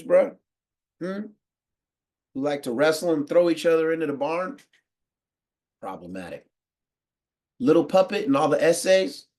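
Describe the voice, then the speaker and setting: Slangy laid-back American man. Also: medium pitch. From United States. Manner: slangy, animated, laughs often. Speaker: podcast host. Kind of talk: casual monologue.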